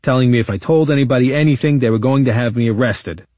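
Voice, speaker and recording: A man's voice: medium pitch, quick pace, a little mellow, dry recording, lightly acted. A man voicing a defiant male witness on the stand who answers bluntly and swears with exasperation, as a quote within audiobook narration. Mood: indignant.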